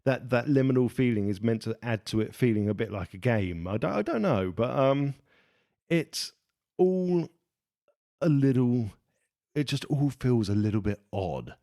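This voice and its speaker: A man's voice: mid-range voice, lively intonation, a little slow, warm tone. A man co-hosting a podcast, talking through a film in a thoughtful, musing way. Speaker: podcast co-host. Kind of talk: casual film discussion.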